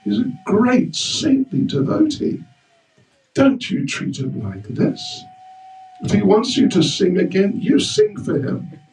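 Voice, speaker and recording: A man's voice: sits high, wildly swooping pitch, slow pace, darkish tone, soft background music, voice pushed up, heavily acted. A man voicing a stern mother who firmly scolds her son. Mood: scolding. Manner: scolding, firm. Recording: roomy hall, mic far off.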